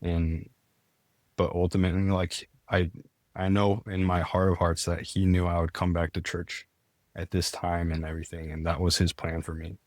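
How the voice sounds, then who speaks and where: Low-voiced young man telling his story. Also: little pitch movement, normal speed, no room sound, studio quality. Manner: earnest, many "like" fillers and restarts. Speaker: podcast guest. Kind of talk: casual storytelling.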